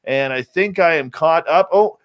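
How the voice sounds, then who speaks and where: A male show host greeting viewers by name in an upbeat, playful way and jumping up in pitch on names. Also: normal speed, dull audio. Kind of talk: livestream show opener, greeting chat viewers.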